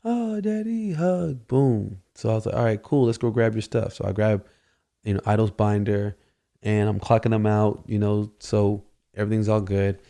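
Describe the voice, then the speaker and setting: A man with a fairly low, warm and mellow voice hosts a podcast. He tells a loose, casual story and keeps circling back with "you know" between his thoughts. His delivery is relaxed and conversational. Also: normal speed, gravelly. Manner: rambling, full of "you know" fillers. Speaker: podcast host.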